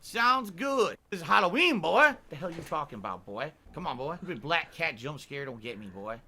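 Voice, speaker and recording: A man playing a loud chicken colonel on a livestream, drawling and calling everyone boy. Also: on the high side, sing-song, moderate pace, full character voice. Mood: mocking. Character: loud southern fried-chicken colonel, bossy old man. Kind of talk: livestream clip in costume character.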